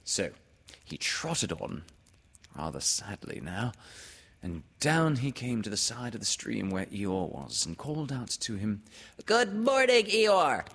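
Male storybook narrator, deep gravelly voice, very slow, lively swooping intonation. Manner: unhurried, expressive read-aloud narration. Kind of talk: storybook reading.

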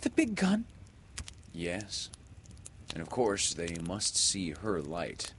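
A man's voice: low voice, takes it slowly, fairly bright tone, a little hiss or hum. A man voicing a bold, commanding boy hero in a storybook reading, speaking in clipped, stern tones. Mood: grave.

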